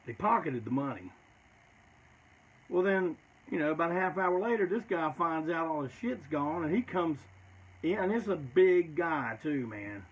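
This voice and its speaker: A man's voice: on the high side, expressive, normal speed, husky, lo-fi sound. Man rambling through a story. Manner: rambling, profane, ends phrases with "man". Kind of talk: casual storytelling.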